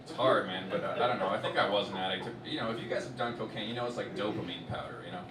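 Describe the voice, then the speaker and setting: A young man from Miami doing a stand-up comedy set, swearing a lot and swinging from muttered asides to loud bursts. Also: on the low side, very fast. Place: large live comedy venue with audience. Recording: roomy, distant live stage recording with loud crowd noise.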